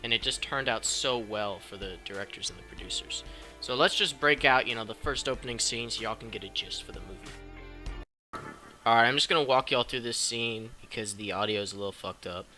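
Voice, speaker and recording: A man's voice: medium pitch, a little fast, faint music behind. A young man casually reviewing a film for a vlog, chatty and swearing freely as he talks through the plot. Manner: excitable, profane, chatty. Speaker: movie reviewer.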